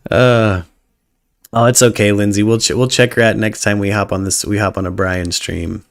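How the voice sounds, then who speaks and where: Low, gravelly male stream host. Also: normal speed. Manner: joking, profane, hyped-up banter. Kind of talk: casual live-stream chat.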